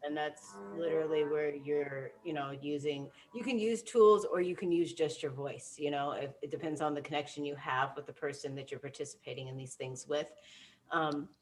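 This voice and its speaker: Lower-voiced woman co-host, teasing. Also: moderate pace, slight background noise. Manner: laughs loudly, teasing then explaining plainly. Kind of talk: casual chat.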